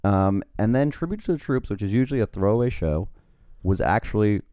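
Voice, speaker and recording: A man with a very low, mellow voice chats easily as a podcast co-host. He sounds measured and even-tempered, often weighing the other side of an argument. His tone is smooth and resonant, recorded close and dry. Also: no room sound. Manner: easygoing, plays devil's advocate, many fillers. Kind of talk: casual chat.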